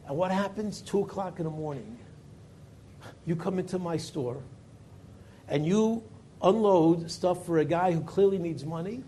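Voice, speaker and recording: A man, a rabbi telling a story in a Torah class, his voice climbing for emphasis and dropping low for quoted lines. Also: normal speed, long pauses, mellow, slight background noise.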